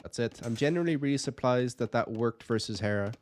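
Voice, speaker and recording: A man's voice: medium pitch, fast talker, a little mellow. A man giving casual commentary on a strategy game match, chatty and thinking aloud with light jokes. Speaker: game caster.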